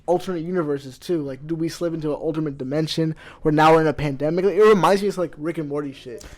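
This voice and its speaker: A man's voice: a little high, quick pace, darkish tone. A man in his twenties from Iowa, a rapper guest rambling with lots of "like" and swearing, a little intoxicated. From Iowa, USA. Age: 20s. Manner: rambling, heavy "like" filler, swears freely. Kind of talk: casual podcast chat.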